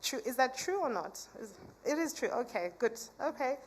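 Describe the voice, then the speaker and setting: A woman's voice: high voice, animated, moderate pace, slight background noise. A woman from Africa, giving a chatty conference talk full of "you know" asides and banter with the audience. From South Africa. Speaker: conference speaker.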